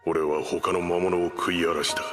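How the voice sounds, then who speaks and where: An actor playing a grim, monstrous male orc warlord in an anime, with a very deep, heavy voice. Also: little pitch movement, fast talker, natural voice. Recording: anime clip with reverb and music.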